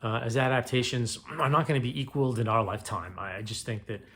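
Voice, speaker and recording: A man's voice: mid-range voice, quick pace, fairly bright tone. Chatty man reviewing films. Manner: enthusiastic, rambling, many fillers and restarts. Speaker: booktube reviewer. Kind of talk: casual spoken film review.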